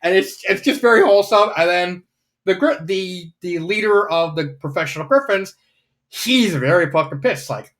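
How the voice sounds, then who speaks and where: A man's voice: high voice, expressive, moderate pace, fairly bright tone. A man casually reviewing fanfiction, rambling with lots of fillers and the odd swear word.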